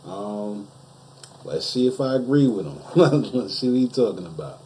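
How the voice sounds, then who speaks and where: A man's voice: fairly low pitch, expressive, normal speed, mellow, a little hiss or hum. A man hosting a reaction video, talking casually with slang and a laid-back manner.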